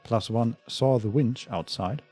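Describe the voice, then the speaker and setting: Man, husky mellow voice, let's play co-host, methodical, reads game stats aloud. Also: mid-range voice, a little slow, faint music behind. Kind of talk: casual gaming chat.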